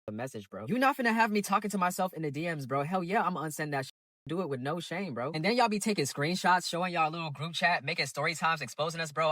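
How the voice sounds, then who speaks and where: Guy ranting fast, cussing n exasperated, super dry close mic. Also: a little high, pushed and bright, dry recording. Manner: ranting, exasperated, heavy slang and cursing. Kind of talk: social media rant.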